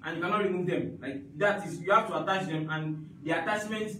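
A man's voice: fairly high pitch, fairly quick, bright, forceful tone, slight background noise. A man teaching an Arabic grammar class, explaining step by step and often checking with his students. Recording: echoey room, mic at a distance.

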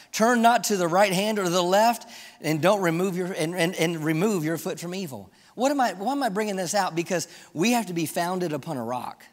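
Preaching man in a reverberant church. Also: high-pitched. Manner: preaching with rising emphasis and rhetorical questions. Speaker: pastor. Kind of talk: sermon. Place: church sanctuary.

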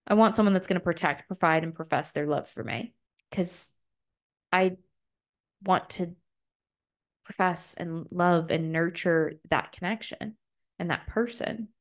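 A young adult woman hosting a solo podcast, talking openly and emotionally and swearing freely, her voice jumping up high when she gets excited. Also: a little slow, long pauses. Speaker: podcast host. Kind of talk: solo confessional podcast talk.

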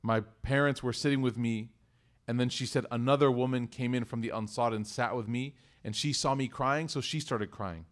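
Male community speaker at mid pitch, telling a story, animated with hushed asides. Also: normal speed. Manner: animated storyteller, swings between loud emphasis and hushed asides. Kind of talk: storytelling talk to a congregation.

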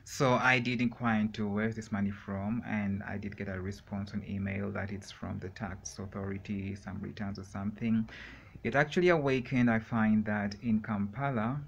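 A man talking alone in a room for a rambling solo vlog, meandering and halting with many fillers and pauses. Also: fairly low pitch, flat delivery, vocal fry, breathy edge. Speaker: vlogger.

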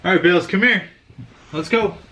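A man's voice: high voice, normal speed, pushed and bright. A young man vlogging casually and slipping into playful baby talk with his dog. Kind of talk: casual vlog chat.

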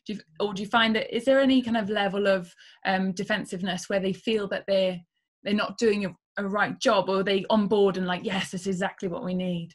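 A woman hosts a relaxed podcast interview in a voice of ordinary pitch. She sounds enthusiastic and often restarts and rephrases her questions mid-sentence. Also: fairly quick. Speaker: podcast host.

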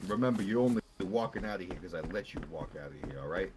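A man's voice: deep voice, animated, quick pace, darkish tone, a little hiss or hum. A man gamer in in-game voice chat, talking aggressive, profane trash.

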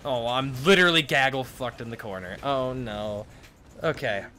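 A man's voice: medium pitch, normal speed, bright, forceful tone. A young man commenting casually on his own gameplay, swearing and breaking into frustrated outbursts. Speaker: gaming streamer.

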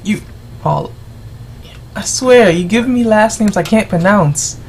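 Gravelly, lively exasperated gamer. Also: medium pitch, takes it slowly, background noise. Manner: exasperated, rambling, yells at game characters. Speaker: let's play gamer. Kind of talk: gameplay commentary.

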